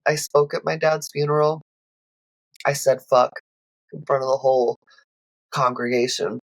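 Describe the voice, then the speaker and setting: A woman's voice: rumbling low, steady tone, unhurried, no room sound, poor audio. Blunt, emotional woman podcaster. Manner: emotional, blunt, swears freely; rambling with many fillers. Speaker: podcast host. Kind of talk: candid solo podcast monologue.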